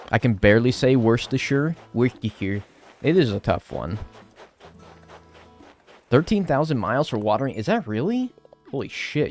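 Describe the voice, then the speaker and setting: A man's voice: mid-range voice, darkish tone. A young man live-streaming a game, chatting casually and sarcastically with chat and swearing now and then.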